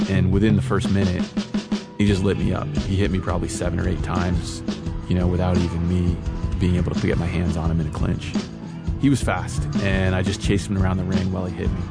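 A young adult man telling a personal story in a relaxed, casual way, with easy fillers. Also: sits low, fairly quick, vocal fry. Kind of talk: personal storytelling over music. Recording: guitar music behind voice.

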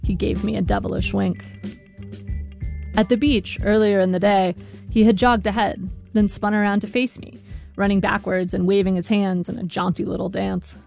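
A woman's voice: medium pitch, level tone, moderate pace, gravelly, a little mellow. A woman narrating her memoir as a scripted audiobook, with a dry, wry storytelling manner. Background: faint guitar music.

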